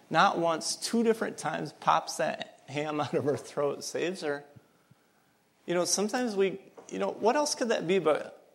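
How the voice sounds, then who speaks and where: A man preaching a sermon, telling a story in a relaxed way with chuckles, and building to loud, emphatic passages. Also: fairly high pitch. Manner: chuckles between phrases.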